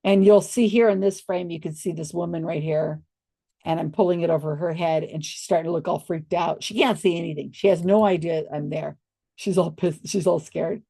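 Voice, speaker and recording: Older woman, low voice, gravelly fry, chatty storyteller, laughs often. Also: fairly even intonation, a little fast, warm tone. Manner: chatty, laughs often, acts out quoted reactions. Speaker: storyteller showing old photos. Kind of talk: casual storytelling to camera.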